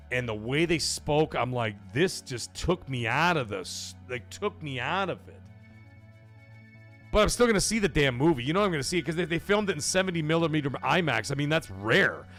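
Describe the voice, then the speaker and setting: A man from Canada hosts a casual livestream at a middling pitch and reads chat messages aloud. He rambles and swears freely, his energy swinging between high and low. Faint music plays underneath. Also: fairly bright tone. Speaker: livestream podcast host.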